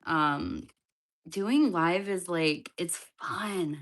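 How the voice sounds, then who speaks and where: A woman's voice: lowish voice, very slow, a bit bright. A woman giving tarot readings on a live stream, chatting loosely and speaking straight to her viewers. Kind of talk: casual live-stream reading, answering chat.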